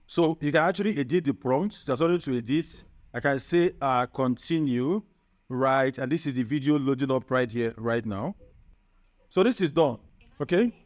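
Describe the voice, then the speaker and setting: A man presenting a screen-recorded software tutorial, upbeat and chatty, often checking in with the viewer. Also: a little high. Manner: upbeat, chatty, keeps asking "right?". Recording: muffled lo-fi sound.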